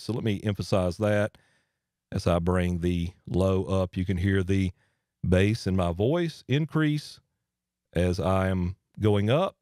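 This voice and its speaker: A man casually walking through his studio voice processor in a folksy, relaxed way with small asides. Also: low-pitched, no echo. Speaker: audio gear tutorial host. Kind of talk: casual hands-on equipment demo. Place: home studio with air handler running. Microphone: dynamic studio mic through a voice processor.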